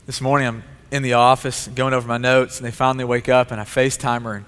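A man's voice: mid-range voice, flat delivery, fast talker, fairly bright tone, clean tone. A male pastor preaching a sermon with an earnest, repetitive cadence. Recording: long hall reverb.

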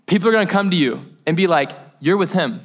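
A man voicing a calm, solemn male teacher who speaks in a slow, measured way. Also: sits high.

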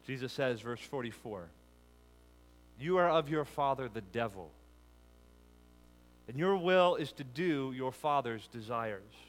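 A man preaching an expository sermon, building emphatic lists that rise and then drop low. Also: animated, a little slow, pauses often. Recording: long hall reverb.

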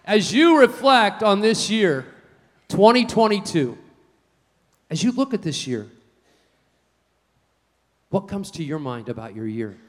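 A man preaching a sermon, telling folksy stories in an animated way. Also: high-pitched, takes it slowly, pauses often, big-room sound. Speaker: pastor.

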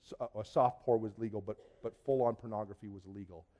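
A man from Canada, telling a personal testimony in a lively storytelling way, acting out dialogue and often restarting his sentences. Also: on the low side, fast. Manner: lively, acts out dialogue, frequent restarts and repeated words. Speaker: speaker giving a personal testimony.

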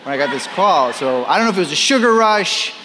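Pastor guy preaching, kinda high voice, super animated, does little voices for people, long echo like a big church. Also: quick pace, a little hiss or hum. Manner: animated, acts out quoted voices, self-deprecating asides. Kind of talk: sermon.

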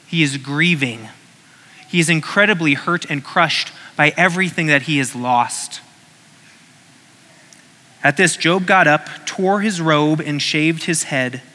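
A man preaches a sermon with a bright, forceful voice that sits a little high for a man. He talks casually, reads scripture and acts out short voices along the way. His voice carries a long reverb from the hall.

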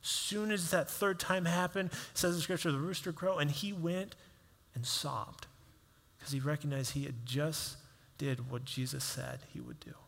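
Man, pastor, conversational sermon, acts out quoted voices, fairly high voice, long reverb. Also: steady tone, unhurried, gravelly, fairly bright tone.

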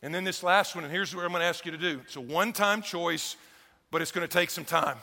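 A male pastor preaches a sermon in a high-leaning, sharp voice at a quick pace, heard with a long hall reverb. He speaks conversationally, asking the congregation rhetorical questions.

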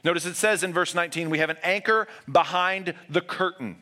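Male pastor, bright forceful tone, earnest sermon delivery that drops to hushed emphasis. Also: fairly quick. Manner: earnest, swings between raised urgent passages and hushed low emphasis.

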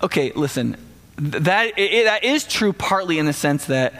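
A man delivers a sermon in a slightly high voice, talking to the congregation in an easy, conversational way that keeps turning animated. His words ring out with a long reverb, as if from a large hall. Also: moderate pace. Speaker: preacher.

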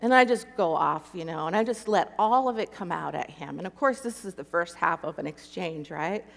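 A woman's voice: on the low side, animated, moderate pace, gravelly. A middle-aged woman giving a personal testimony talk, telling her story conversationally and acting out her inner speech. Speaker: Christian speaker. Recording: long hall reverb.

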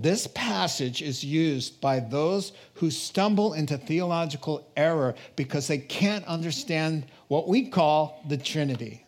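A male pastor preaching a sermon in a lively way, joking with the congregation and laughing between points. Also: on the high side. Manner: animated, jokes with congregation, laughs often.

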